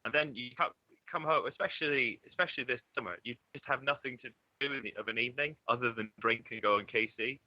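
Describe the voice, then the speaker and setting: A man's voice: mid-range voice, fast talker, no room sound. Chatty young man with dull lo-fi audio. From southeast England. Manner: chatty, swears freely, laughs often. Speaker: guest. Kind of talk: casual online chat.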